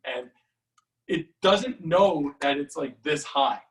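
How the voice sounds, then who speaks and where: A man teaching a live-streamed martial arts class, talking in a chatty, animated storytelling way with lots of fillers. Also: fairly high pitch, measured pace, gravelly, far from the mic, poor audio.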